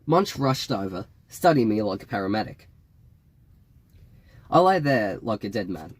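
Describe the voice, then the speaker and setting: A man reading an audiobook in a wry, measured storytelling manner. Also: fairly low pitch, big pitch swings, a little hiss or hum. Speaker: audiobook reader. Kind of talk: audiobook narration.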